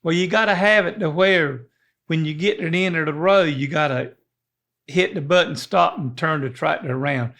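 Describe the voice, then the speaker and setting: In casual chat on the podcast he co-hosts, an older man meanders in a folksy manner, often starting over. He talks at a normal speed in a fairly high, slightly bright voice.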